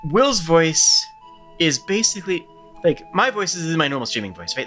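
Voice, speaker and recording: Male streamer, high voice, animated, chatty commentary, close mic, faint music behind. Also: normal speed. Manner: chatty, explains with fillers. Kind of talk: casual game commentary.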